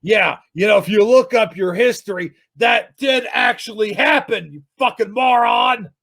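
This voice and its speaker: A man reviewing another YouTube channel in an angry, sarcastic rant, swearing and shouting often. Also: sits high, measured pace. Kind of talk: ranting video commentary.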